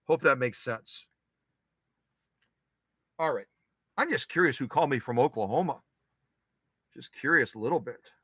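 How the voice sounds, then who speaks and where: A man's voice: a little high, sharp tone, no echo. A man hosting a live-stream sewing machine workshop, chatty and digressive, often repeating his phrases. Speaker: sewing machine restorer, show host.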